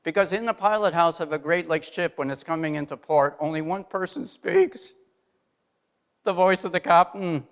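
A middle-aged man preaching a sermon, asking the congregation rhetorical questions and swinging from loud emphasis to hushed asides. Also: fairly high pitch, moderate pace.

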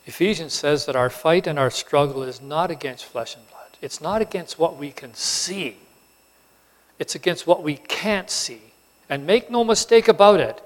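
A man preaching a sermon, telling the story with animated emphasis and acting out the characters. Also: fairly high pitch. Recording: long hall reverb.

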